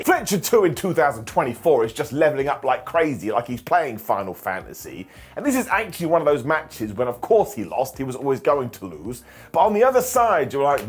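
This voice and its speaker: A man reviewing a wrestling show in a jokey, excitable monologue, dropping into quiet asides. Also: fairly high pitch, fairly quick, breathy edge.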